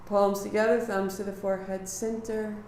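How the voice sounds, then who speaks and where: A woman teaching a live kundalini yoga class, giving calm movement cues and sharing earnest reflections. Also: medium pitch, normal speed, slight background noise. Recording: echoey room.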